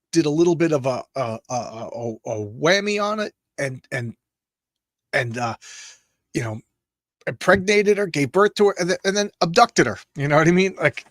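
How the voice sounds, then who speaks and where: A man casually reading a comic aloud and commenting on it, halting and rambling with many restarts, lifting his voice a little for speech balloons. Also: a little high, a bit bright, dry recording. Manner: reads speech balloons aloud in a lightly raised voice. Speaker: comic book show host.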